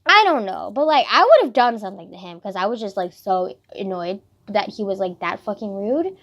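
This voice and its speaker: A woman's voice: medium pitch, expressive, a little fast, hardly any pauses, fairly bright tone. A teenage girl vlogging a rambling story about her school day, chatty and full of fillers and swearing. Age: teens.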